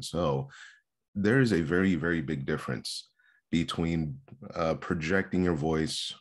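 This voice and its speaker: A male speech instructor giving an earnest seminar lecture on vocal delivery, stressing points by repeating words. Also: very deep voice. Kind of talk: seminar lecture on public speaking.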